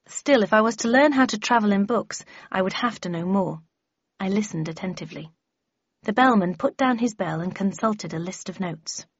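A woman giving measured, even first-person audiobook narration. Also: mid-range voice, husky, no echo. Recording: dry, slightly dull recording.

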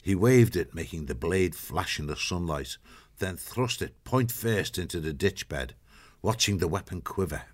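A man reading an audiobook in steady, measured scripted narration. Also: low-pitched.

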